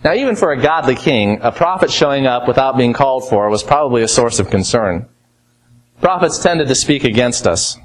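A man preaching an expository sermon, asking rhetorical questions and moving from emphatic to quiet, slow stresses. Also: mid-range voice, expressive, low-quality recording. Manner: teaching, asks rhetorical questions.

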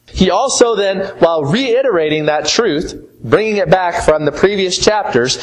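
Male preacher, slightly high voice, very animated intonation, earnest and emphatic teaching delivery. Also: poor audio. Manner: earnest, emphatic, wide swings between rising and falling phrases. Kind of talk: expository sermon.

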